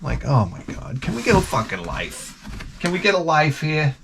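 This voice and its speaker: A man's voice: on the high side, sing-song, normal speed, creaky, a bit bright, faint music behind. A man hosting a podcast in a casual comedic rant, sarcastic, mocking and full of profanity. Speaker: podcast host.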